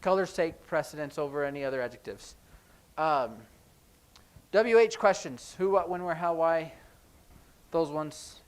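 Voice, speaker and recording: A man teaching a sign language class in a church classroom, explaining in a relaxed, conversational way with frequent ums. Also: fairly high pitch, measured pace. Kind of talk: classroom lesson.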